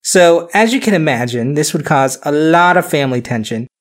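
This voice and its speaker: A man's voice: a little high, lively intonation, moderate pace. A man hosting a casual podcast, telling a history story loosely, with frequent fillers and chuckles.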